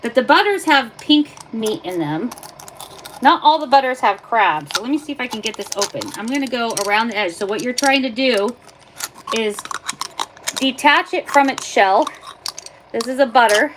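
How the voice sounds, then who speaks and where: Streaming live on her phone from the kitchen, a woman gives a casual hands-on demonstration, walking viewers through each step as she chats. She speaks at normal speed with a higher voice and lively intonation; background noise is clearly audible.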